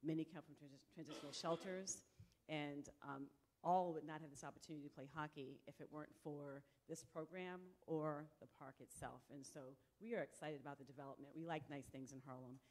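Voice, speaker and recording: Low-voiced woman testifying at a hearing. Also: steady tone, fairly quick, a little mellow. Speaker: executive director of a youth nonprofit. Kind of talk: prepared public testimony.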